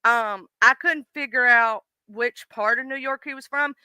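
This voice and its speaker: Southern lady chatting on her stream, folksy, talks to chat by name, smooth bright voice. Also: a little high, a little slow, no echo. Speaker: livestream host. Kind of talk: casual chat reading viewer comments.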